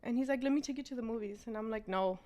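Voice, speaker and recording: A woman's voice: on the high side, very fast, a little mellow. A woman, a business owner telling her story as an interview guest and switching between English and Spanish.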